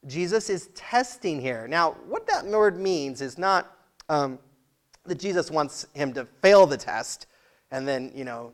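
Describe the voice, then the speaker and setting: A pastor giving a sermon in church, chatty and conversational, laughing often and asking the congregation questions. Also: male voice, a little high, lively intonation, normal speed, a bit bright.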